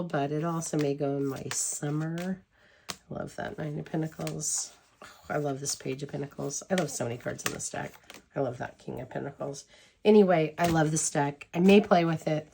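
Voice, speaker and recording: A woman's voice: sits low, a little hiss or hum. A woman chatting casually to the camera, gushing and rambling with frequent giggles. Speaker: tarot deck reviewer.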